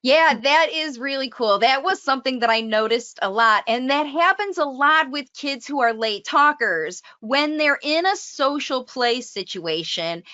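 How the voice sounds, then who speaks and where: A woman's voice: high voice, lively intonation, unhurried, few pauses, sharp tone, dry recording. A woman hosting an interview as a speech coach, chatty and ending her points with leading tag questions over a video call. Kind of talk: conversational interview. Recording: slightly muffled lo-fi audio.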